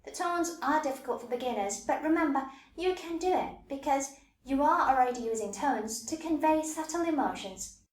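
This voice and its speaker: A woman teaching Mandarin pronunciation in a scripted lesson, demonstrating tones slowly and clearly. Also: high-pitched, echoey room.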